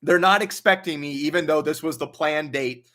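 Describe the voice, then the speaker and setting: A man's voice: fairly high pitch, normal speed, fairly bright tone. A young man hosting a casual livestream Q&A, reading donations aloud and chatting with a laugh in his stories. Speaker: livestream host.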